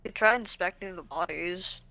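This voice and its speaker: A woman with a bright, tense voice plays a tabletop game. She thinks aloud while planning with the group, in a casual way. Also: lowish voice, moderate pace, creaky, dry recording, low-quality recording. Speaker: player.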